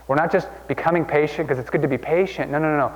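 A man's voice: on the high side, quick pace. A male pastor from Oregon preaching a sermon in a conversational way, often repeating himself and restarting with fillers. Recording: dull sound with long hall reverb.

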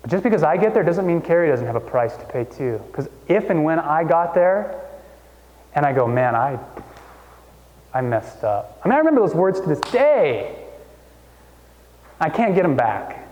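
A man in his thirties preaching a sermon in a church, conversational and animated, jumping up in pitch to make a point. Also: moderate pace, lo-fi sound. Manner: conversational, animated storytelling with sudden pitch jumps. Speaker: pastor. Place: church hall. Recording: long hall reverb.

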